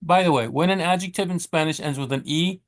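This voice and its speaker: An American man teaching Spanish in a casual, rambling way, full of fillers and restarts, drawing out example words slowly. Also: fairly high pitch. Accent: American English. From United States. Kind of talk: casual spoken lesson.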